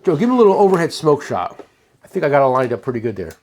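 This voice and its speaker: A man's voice: on the high side, sing-song, very fast, darkish tone, a little hiss or hum. A man who owns a tool shop, giving a casual, rambling sales demo of his products and often restarting his sentences. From United States.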